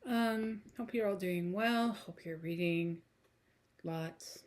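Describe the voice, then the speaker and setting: A woman with a raspy morning voice giving a casual book review, rambling with lots of ums and restarts. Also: on the low side, takes it slowly.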